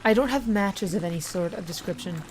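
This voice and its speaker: A woman hosting a let's-play of a horror game, reading its text aloud and reacting in a casual, profane way. Her pitch sits in the middle for a woman, and faint music plays behind her. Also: fairly quick, darkish tone. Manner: casual, swearing, reacting with disgust. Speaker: gaming video host.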